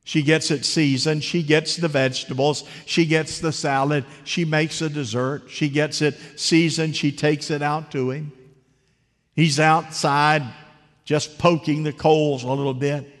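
A man's voice: fairly high pitch, level tone, a little slow. A man preaching a conversational, story-driven sermon who keeps asking the congregation questions. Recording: long hall reverb.

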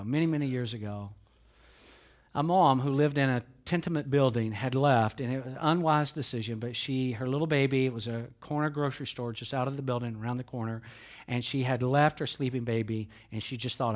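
A male pastor preaching at a church service, speaking with emphasis. His voice swells to loud, driving climaxes as he presses his points. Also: mid-range voice, brisk. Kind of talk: sermon.

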